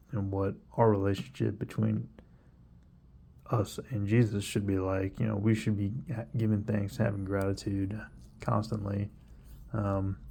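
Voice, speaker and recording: A man's voice: lowish voice, gravelly, mellow. A young man talking casually through a Bible passage, rambling and conversational with lots of fillers and side tracks. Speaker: Bible reader sharing reflections. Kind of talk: casual devotional talk.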